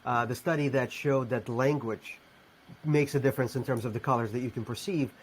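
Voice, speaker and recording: A man's voice: medium pitch, steady tone, a little fast, a little hiss or hum. A man co-hosting a podcast, thinking aloud and restarting as he links ideas to the guest's point. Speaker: podcast co-host. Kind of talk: casual interview talk.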